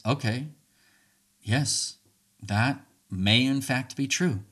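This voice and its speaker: A man's voice: slow, long pauses, husky. A man giving casual advice on difficult conversations, acting out both sides in shifting voices and laughing often. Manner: animated, acts out both sides of arguments with pitch jumps, laughs often. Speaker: speaker giving relationship communication advice. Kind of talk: casual spoken advice monologue.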